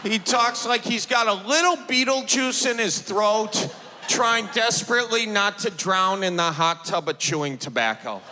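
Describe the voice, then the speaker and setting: A man in his thirties with a Wisconsin accent, doing animated stand-up storytelling on a large theater stage. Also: high-pitched, moderate pace, noisy background. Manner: animated, shouting punchlines. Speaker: stand-up comedian. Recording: live theater, long reverb, crowd.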